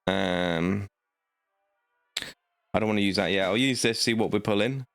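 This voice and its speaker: A man's voice: fairly low pitch, moderate pace, fairly bright tone, soft background music. A man, giving cocky, trash-talking commentary as he plays a card game. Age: late 20s. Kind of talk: gameplay commentary.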